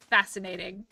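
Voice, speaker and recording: Very high-pitched bright woman chatting. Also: vocal fry, a little hiss or hum. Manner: chatty, rapid, reacting to chat. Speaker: livestreamer. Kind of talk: casual livestream chat.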